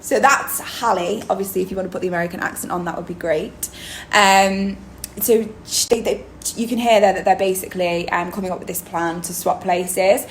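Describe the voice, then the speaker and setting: A woman's voice: medium pitch, steady tone, a little fast. A woman drama teacher, explaining in a chatty video lesson with many ums. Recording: roomy echo, faint background noise.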